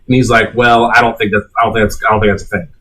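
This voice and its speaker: A man's voice: fairly low pitch, little pitch movement, rapid-fire, bright, forceful tone, poor audio. A man co-hosting a casual podcast, swearing freely and retelling scenes by acting out the characters' lines. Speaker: podcast co-host. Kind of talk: casual chat.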